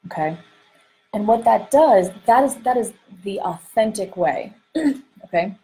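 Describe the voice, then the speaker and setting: A woman coaching on dating and emotions in an animated monologue. She often acts out inner voices and uses many fillers. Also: fairly low pitch, poor audio. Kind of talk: podcast-style teaching monologue. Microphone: close microphone she bumps while gesturing.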